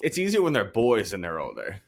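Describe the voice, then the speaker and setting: A man's voice: lowish voice, wildly swooping pitch, fairly quick, gravelly, slightly rough. A middle-aged man hosting a podcast, chatting casually, swearing freely and laughing as he tells stories. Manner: profane, laughing, storytelling. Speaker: podcast host. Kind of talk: casual chat.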